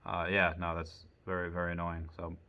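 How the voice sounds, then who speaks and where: A man's voice: deep voice, fairly quick, smooth. Frustrated man ranting about his bank. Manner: animated storytelling, acts out both sides of the conversation, swears. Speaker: vlogger. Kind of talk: casual rant to camera.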